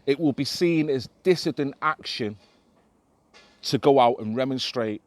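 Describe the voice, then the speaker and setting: A man's voice: medium pitch, normal speed, dry recording. A middle-aged man ranting emphatically to camera in a vlog, swearing freely. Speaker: vlogger. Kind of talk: impassioned monologue to camera.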